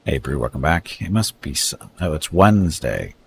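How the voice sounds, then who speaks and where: A man's voice: extremely low pitch, big pitch swings, moderate pace, gravelly, a little hiss or hum. A man streaming a strategy game, casually reading out unit stats and greeting viewers. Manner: reads unit stats aloud, chats with viewers. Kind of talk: casual live-stream commentary.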